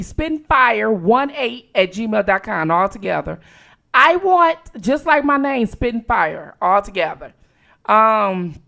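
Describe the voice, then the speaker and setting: Woman, from Detroit, livestream host, casual late-night chat, bright, high-pitched. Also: vocal fry. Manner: animated, reads out viewer locations with quick reactions.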